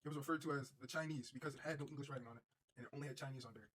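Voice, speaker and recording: A man's voice: mid-range voice, steady tone, racing, a bit bright, slight background noise. A young man streaming, telling a rambling, profane story in a casual way and repeating himself as he goes.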